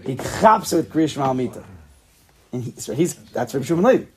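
A man with a fairly high, slightly mellow voice leads a casual Talmud study class, talking quickly and with lots of animation. He thinks out loud, poses questions to his students, and laughs at himself.

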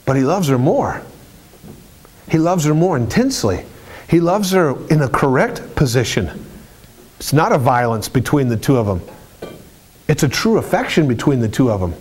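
A man's voice: mid-range voice, sing-song, moderate pace, long pauses, a little mellow, slightly rough. Emphatic male preacher. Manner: emphatic, repetitive phrasing. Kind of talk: sermon.

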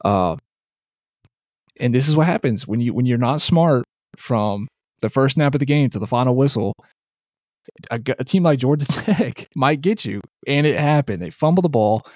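A man's voice: medium pitch, animated, moderate pace, a little mellow, no echo, studio quality. A man co-hosting a sports podcast, talking loosely with lots of fillers. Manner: rambling, many fillers, says dude. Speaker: podcast co-host. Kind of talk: casual sports chat.

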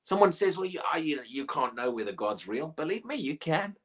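Animated, husky-voiced woman preaching. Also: deep voice, brisk. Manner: animated, emphatic preaching with rhetorical questions. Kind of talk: sermon.

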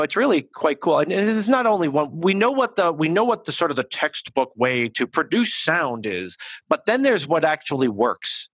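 A man working as an executive communication coach, answering interview questions in a lively, conversational way, often restarting his sentences. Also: a little high, no room sound. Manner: animated, self-correcting restarts.

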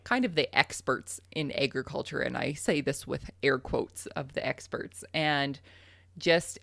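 Laughing low-voiced Canadian woman. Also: unhurried, creaky, no room sound. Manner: laughs often, animated storytelling. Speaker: podcast host, guest. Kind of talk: casual storytelling chat.

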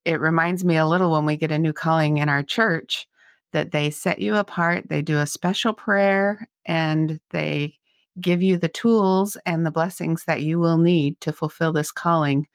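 Woman podcast guest, very low pitch, earnest, measured, dry recording. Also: fairly even intonation, dry recording. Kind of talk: reflective conversation.

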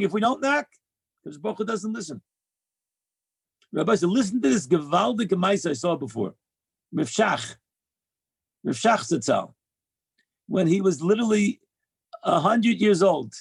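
A man's voice: high voice, animated, normal speed, creaky, long pauses, husky, dry recording. A man giving a heartfelt religious talk, earnest and emphatic, repeating key phrases as he shares Torah lessons. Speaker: speaker sharing Torah lessons.

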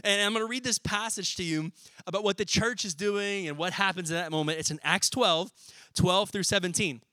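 A young man preaching a sermon as pastor, talking in a lively, casual way and acting out little scenes as he goes. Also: high-pitched, dry recording. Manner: animated, conversational, acts out scenes in quick voices.

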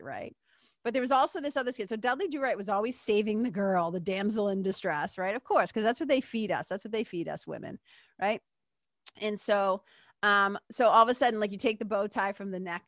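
Podcast host, woman in her fifties: lively, swears freely, slips into playful voices; dry booth sound. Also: medium pitch, no room sound. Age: 50s. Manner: animated storytelling, acts out silly voices, swears freely. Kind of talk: casual solo podcast talk.

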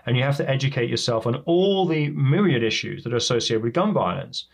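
English man with a softened, Americanized accent. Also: mid-range voice, lively intonation, brisk, creaky, breathy edge. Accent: softened English accent mixed with American. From England. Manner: thoughtful, explains at length with examples. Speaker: guest, professor. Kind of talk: conversational interview answers.

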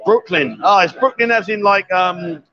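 A man's voice: high voice, normal speed, sharp tone, muffled recording. A man hosting a casual live stream from a busy bar, joking and reading viewer comments aloud. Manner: chatty, jokey, reads viewer comments aloud.

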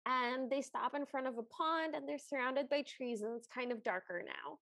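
High, slow-talking woman co-host, dry close sound, easy chatty recap. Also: fairly bright tone, dry recording. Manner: unhurried storytelling with giggles. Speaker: podcast co-host. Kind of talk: casual recap chat.

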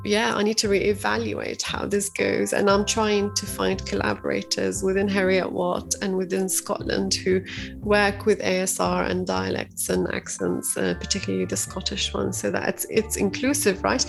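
Earnest gravelly woman researcher. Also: medium pitch, moderate pace, soft background music. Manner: earnest, explanatory, restarting words mid-thought. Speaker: university researcher. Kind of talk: explaining research in an interview clip.

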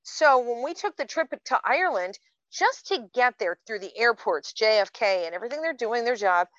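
A woman's voice: on the high side, animated, normal speed, a bit bright, no echo. A woman in her fifties co-hosting a podcast, telling stories in a casual, chatty way with plenty of fillers. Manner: chatty storyteller, many fillers. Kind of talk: casual chat. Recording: dull, dry sound.

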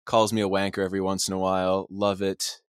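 A man's voice: deep voice, monotone, quick pace, smooth, no room sound, clean studio sound. A man hosting a sports podcast, joking around and hyping up guests in his introductions. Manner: joking, hype-style introductions. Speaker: podcast host.

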